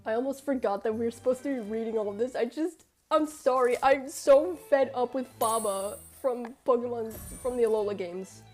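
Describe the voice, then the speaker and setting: Woman streamer, high voice, excitable game-reaction ranter, faint music bed. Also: fairly quick, few pauses. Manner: excitable ranting, laughs and swears. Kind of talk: live-stream reaction chat.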